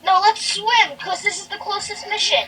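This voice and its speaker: A young woman hosting a casual gaming session with a friend, excitable and giggly, often pleading to be waited for. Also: very high voice, moderate pace. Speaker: gameplay host. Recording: distant mic with faint noise.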